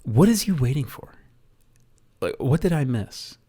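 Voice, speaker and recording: A man's voice: mid-range voice, very animated, unhurried, warm tone, slightly rough. A man reviewing a movie in a casual rant, rambling and often stumbling over and repeating his words.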